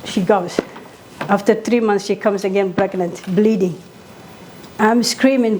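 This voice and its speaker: A woman's voice: medium pitch, steady tone, measured pace, pauses often, a little mellow, a little hiss or hum. A middle-aged woman physician from Somalia, giving an impassioned conference talk and repeating key points for weight.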